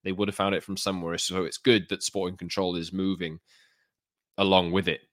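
A deep-voiced man co-hosts a football podcast, easing through his points in a measured, unhurried way. The sound is close and dry, with no room around him. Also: flat delivery, fairly bright tone, no echo. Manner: measured, with fillers and restarts. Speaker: podcast co-host. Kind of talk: casual football chat.

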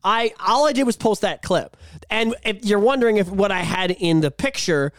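A man's voice: high voice, expressive, moderate pace, no room sound, studio quality. A man co-hosting a casual podcast, ranting with swearing and frequent laughter. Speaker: podcast co-host.

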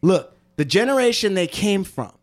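A man hosting a podcast, cracking quick jokes and then making a point in earnest. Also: sits high, very animated. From United States. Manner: jokey interjections, then earnest explaining. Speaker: podcast host. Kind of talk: casual podcast talk.

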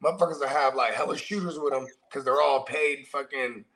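A man's voice: medium pitch, fairly quick, fairly bright tone, a little hiss or hum, rough recording. A man co-hosting a casual podcast chat, talking in laid-back slang and swearing freely as he chimes in. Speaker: podcast co-host.

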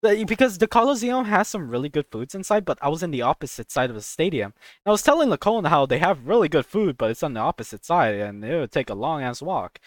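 A young woman co-hosting a podcast, telling a story in a casual, animated way, swearing and acting out voices. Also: deep voice, quick pace, no echo, studio quality. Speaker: podcast co-host.

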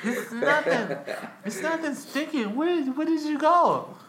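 This is a man doing a naive young woman, her voice thin and squeaky in a high falsetto. She sounds bewildered and wide-eyed, and the pitch jumps all over the place. The whole thing rings around an echoey room. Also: animated, unhurried, a bit bright, a little hiss or hum, exaggerated voice.

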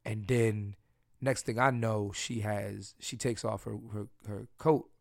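A man's voice: on the low side, steady tone, takes it slowly, creaky, no room sound, studio quality. A man hosting a podcast, telling candid, crude and joking personal stories in a casual solo chat. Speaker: podcast host.

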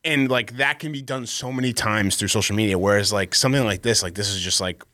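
Co-host, man, bright forceful tone, dry close mic, rambling delivery full of fillers. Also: fairly low pitch, fast talker, no room sound. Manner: rambling, leans on "like" and restarts. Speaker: podcast co-host. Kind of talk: casual chat.

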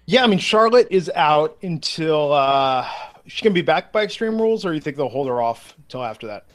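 A man's voice: on the high side, expressive, moderate pace. A man hosting a casual wrestling chat, conversational and steering the topics. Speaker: wrestling podcast host.

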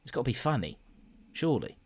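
A man's voice: medium pitch, very animated, fast talker, a little mellow, breathy edge. A man co-hosting a casual film review podcast, talking in a dry, sarcastic way with plenty of swearing. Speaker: podcast co-host.

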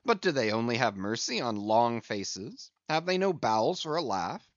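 A man's voice: medium pitch, sing-song, moderate pace, no room sound, dull audio, natural voice. Stubb, a man doing a brash joking sailor. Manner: loud exclamations, jocular. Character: Stubb, brash joking male second mate.

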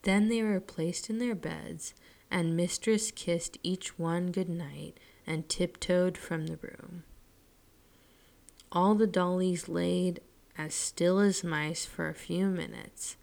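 A woman storyteller reading a children's story aloud in a slow, soothing way, dropping her voice at line ends. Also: lowish voice, steady tone, vocal fry, darkish tone.

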